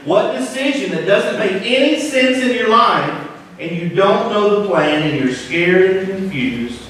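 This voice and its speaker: A man preaching a sermon as pastor, with dramatic swings from loud to hushed. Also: a little high, a little hiss or hum. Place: church sanctuary. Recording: echoey church hall, mic at a distance.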